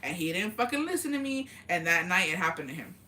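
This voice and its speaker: A livestream host with a lowish voice speaks fast over a faint hiss or hum. Reading viewer comments in a casual chat, she tells lively stories loaded with fillers, swears freely and laughs often.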